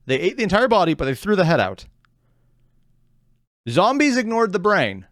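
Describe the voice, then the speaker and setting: A male reaction host gives casual, joking commentary. His voice sits a little high and swings in pitch a great deal. The sound is dry and close. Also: normal speed, no room sound. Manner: animated and wry, often laughing.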